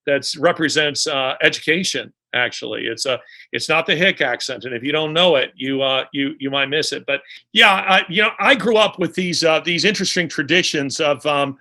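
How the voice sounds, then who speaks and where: Speaking at a normal pace in a slightly high, sharp-toned voice, a male author appears as a guest in a conversational interview. His delivery is unhurried and full of fillers and restarts.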